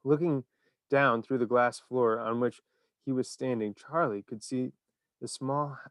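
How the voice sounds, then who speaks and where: A man narrating a children's story in an expressive, animated reading. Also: medium pitch, measured pace, clear, resonant tone, no room sound, clean studio sound.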